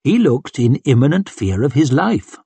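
Husky male audiobook narrator, dry sound. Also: mid-range voice, no room sound. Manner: measured, expressive storytelling. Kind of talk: scripted narration.

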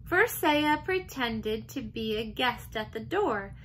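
A teacher reading a children's chapter book aloud, gentle and expressive. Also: female voice, on the high side, slow pace, a little hiss or hum, low-quality recording. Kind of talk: storybook read-aloud.

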